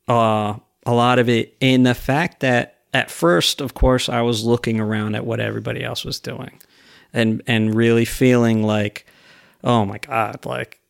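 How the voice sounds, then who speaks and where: A man talks as a podcast guest with a gravelly, fry-edged voice. His speech rambles through plenty of fillers while he retells conversations in other people's words. The sound is close and dry. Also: medium pitch, no echo. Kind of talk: casual conversation.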